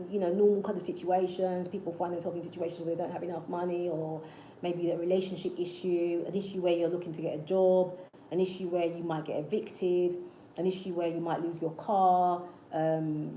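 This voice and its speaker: A woman talks straight to her viewers in an earnest, coaching way, circling back over the same points again and again. Her voice is fairly low and mellow. She sounds like she is in an echoey room, with faint ambient noise underneath. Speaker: manifestation channel host. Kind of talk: casual motivational talk to camera.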